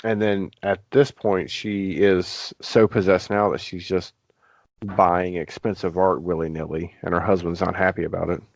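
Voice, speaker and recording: Male podcast host, very low pitch, dry dull sound, rambling recap delivery. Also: level tone, moderate pace, gravelly, no room sound. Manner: rambling recap with frequent fillers and hedges. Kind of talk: casual movie discussion.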